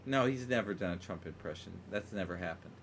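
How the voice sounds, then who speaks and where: This podcast host has a low, expressive voice and talks fairly quickly over slight background noise. Profane and teasing, he jokes with his co-host in loose banter while going through news stories.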